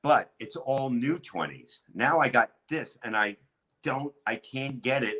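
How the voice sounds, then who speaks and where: A middle-aged man, a comedian, telling crude stories in a rambling, animated way with lots of restarts. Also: mid-range voice, unhurried, low-quality recording. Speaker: comedian guest. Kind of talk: casual storytelling chat.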